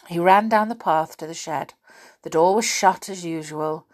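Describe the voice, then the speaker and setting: A woman podcast host who recaps the story in a chatty way, with fillers, then reads a children's book aloud. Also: on the low side.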